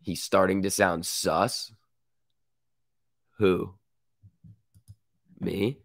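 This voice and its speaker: A man's voice: deep voice, normal speed, creaky, no room sound, studio quality. A man with a sick voice hosting a live stock market stream, reading chat and reacting in casual slang. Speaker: stock market livestream host.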